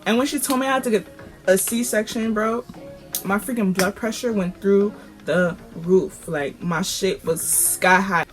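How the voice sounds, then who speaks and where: A woman's voice: mid-range voice, a little slow, faint music behind. A young woman vlogger telling a story casually, full of slang and fillers and rising with emotion.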